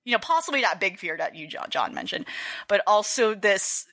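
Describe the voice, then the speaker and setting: A woman co-hosts a game podcast in casual chat, her mid-range voice sing-song and fairly bright at normal speed. She rambles, filling her speech with fillers and restarts, and laughs often.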